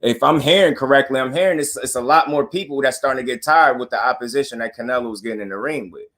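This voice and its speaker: A man hosting a live boxing talk stream, speaking in an animated, slangy, repetitive way to his chat. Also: mid-range voice, fast. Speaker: boxing talk show host.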